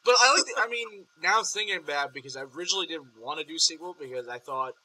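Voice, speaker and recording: Bright-voiced young man hosting a podcast. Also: a little high, expressive, fast talker, a little hiss or hum, poor audio. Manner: rambling, lots of filler ums. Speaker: podcast host. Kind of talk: casual group chat.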